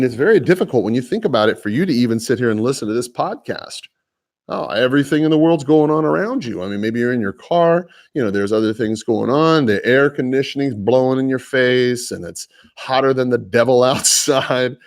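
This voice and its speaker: A man with a lower voice, a real estate agent hosting a live prospecting podcast, talking in a casual, folksy, rambling way with restarts. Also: darkish tone. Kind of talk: live phone prospecting session with coaching asides.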